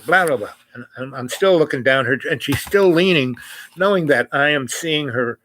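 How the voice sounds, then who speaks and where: A man's voice: fairly high pitch, animated, normal speed, fairly bright tone, a little hiss or hum. Rambling middle-aged male storyteller. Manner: rambling, with many fillers and restarts. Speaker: podcast host. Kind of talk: casual storytelling.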